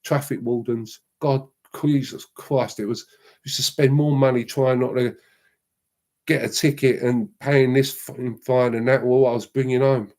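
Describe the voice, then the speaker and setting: A middle-aged man, a show guest rambling through slangy, lively anecdotes in casual chat. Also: medium pitch, measured pace.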